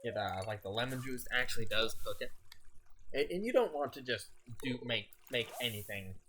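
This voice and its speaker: A tired man chats loosely while he plays, drifting from thought to thought and tripping over his words. His voice sits at an ordinary middle pitch, with a faint hiss behind it. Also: animated, moderate pace, sharp tone. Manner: rambling, stumbles and restarts. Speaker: streamer. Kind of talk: casual gameplay commentary.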